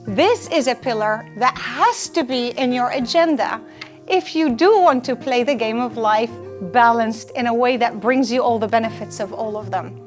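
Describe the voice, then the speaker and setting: A woman's voice: a little high, normal speed. A woman delivers a live lecture to students in a slightly raised voice. She is earnest and insistent and comes back to the same point again and again. Faint music sits in the background. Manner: earnest, emphatic, repeats key points. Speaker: lecturer on personal well-being.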